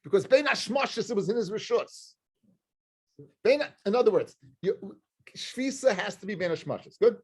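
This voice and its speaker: A man's voice: high voice, lively intonation, normal speed, breathy edge. A man, a rabbi, teaching a live Talmud class to students, explaining emphatically, repeating himself and quizzing the room.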